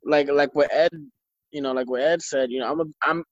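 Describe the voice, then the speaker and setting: A man's voice: on the high side, fairly even intonation, brisk, no room sound, lo-fi sound. A man on a video call chatting casually about games, easygoing and full of fillers. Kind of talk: casual chat.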